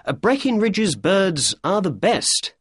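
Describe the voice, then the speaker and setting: A man putting on a higher, probing detective voice. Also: big pitch swings, breathy edge, no room sound, clean studio sound, heavily acted. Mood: inquisitive. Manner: brisk, polite and probing. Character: keen sharp-witted male detective. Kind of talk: audiobook character reading.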